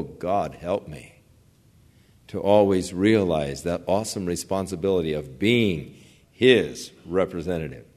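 Low-voiced man preaching a sermon. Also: a little mellow. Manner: conversational preaching, plain storytelling, rising in emphasis. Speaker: pastor.

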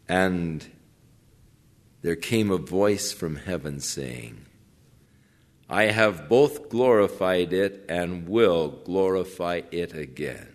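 A man preaching a sermon, reading scripture quietly and building to emphatic points. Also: lowish voice, expressive, takes it slowly. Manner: quotes scripture softly, then rises in emphasis. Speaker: pastor.

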